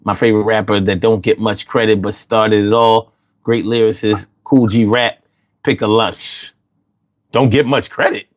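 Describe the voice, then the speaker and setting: A man hosting a casual chat, telling stories with lots of swearing and putting on high voices when he quotes himself. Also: moderate pace. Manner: animated storyteller, swears freely, jumps into high voices for quotes. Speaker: host.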